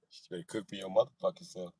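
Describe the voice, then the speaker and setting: A man hosting a livestream, telling stories in a profane, comedic rant with a slow, emphatic drawl. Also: lowish voice, husky, no echo, far from the mic. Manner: animated storytelling, heavy swearing, slow emphatic drawl. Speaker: livestream host.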